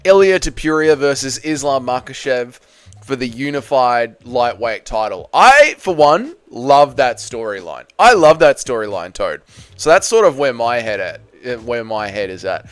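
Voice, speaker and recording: A young man casually chatting on a livestream, answering chat comments, swearing and breaking into loud excited bursts. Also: mid-range voice, normal speed, smooth, no room sound. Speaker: livestream host.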